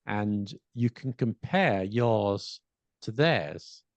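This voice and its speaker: A man's voice: lowish voice, lively intonation, extremely slow, dry recording, dull audio. A man co-hosting a podcast, explaining pronunciation tips in casual chat, thinking aloud with many restarts and demonstrating examples aloud. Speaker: podcast co-host.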